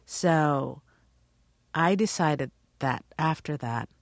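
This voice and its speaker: A woman with a low voice and drawn-out, gravelly words is an actress telling stories in a radio interview, animatedly acting out the people she quotes. The audio is studio quality with no echo.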